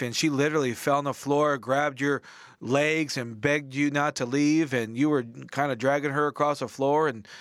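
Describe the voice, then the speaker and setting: A man's voice: mid-range voice, a bit bright, clear, resonant tone, no room sound, studio quality. A man hosting a Christian interview, recapping the guest's story and asking leading questions. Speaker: interview host.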